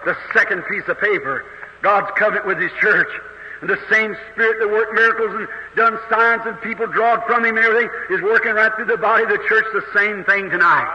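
Man preaching hard, voice way up high and piercing, old echoey hall tape. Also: fairly quick. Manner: impassioned, builds to shouts. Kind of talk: fervent revival sermon. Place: large church hall. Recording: echoey hall, faint hiss, 1950s tape.

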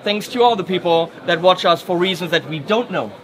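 A man's voice: sits high, fairly quick. A man hosting casual, jokey banter at a guitar trade show. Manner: jokey, excitable. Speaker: YouTube host. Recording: loud crowd chatter behind.

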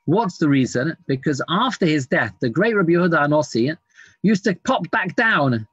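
Rabbi guy giving an online talmud class, bit high voice, lots of ums, dull dry audio. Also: sing-song, moderate pace, fairly bright tone, slightly rough, dry recording. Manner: reads Aramaic text then explains it in English, many fillers. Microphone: screen-sharing online class.

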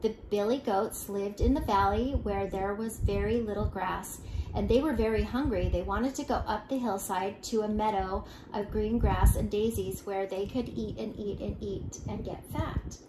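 An older woman reading a children's storybook aloud in an expressive way, with small slips and restarts. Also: medium pitch, moderate pace, slight background noise. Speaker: storybook reader. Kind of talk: children's read-aloud narration. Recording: echoey room.

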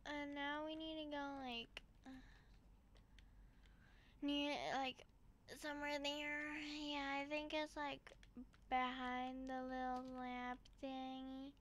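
Woman game host, gushing and dramatic, slow drawn-out delivery, very high voice. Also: slight background noise. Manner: excitable, gushing, playfully dramatic. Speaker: gaming channel host. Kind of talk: gameplay walkthrough commentary.

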